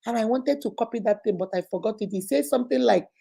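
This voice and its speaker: A Nigerian woman talks straight to her viewers in a casual vlog, with a fairly high, mellow voice. She tells stories in a lively way, drops into other people's voices and keeps a chatty, exclaiming manner. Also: fast talker, vocal fry, slightly rough. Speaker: online influencer host.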